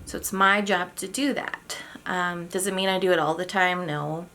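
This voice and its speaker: A woman's voice: on the low side, steady tone, moderate pace, bright, forceful tone, slight background noise. A young adult woman hosting a live parenting talk, speaking casually and candidly, owning up to her own slips. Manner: candid, self-deprecating, demonstrates tones. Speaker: parenting educator host.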